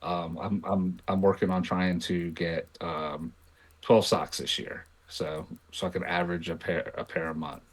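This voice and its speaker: A man's voice: low voice, level tone, measured pace. A middle-aged man co-hosting a casual chat show, rambling with many restarts. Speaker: podcast co-host.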